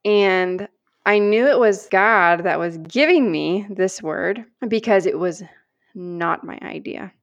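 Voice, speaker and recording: A woman co-hosting a podcast, telling a personal story in an animated, earnest way and acting out the lines she quotes. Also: medium pitch, slow, dull audio. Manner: animated storyteller, acts out quoted prayers and dialogue; earnest and heartfelt. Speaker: podcast co-host.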